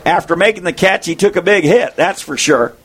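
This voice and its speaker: High-voiced man calling a football game. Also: husky. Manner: quick, excited calls rising to shouts on big plays. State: losing his voice. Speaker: play-by-play announcer. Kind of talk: play-by-play sports commentary.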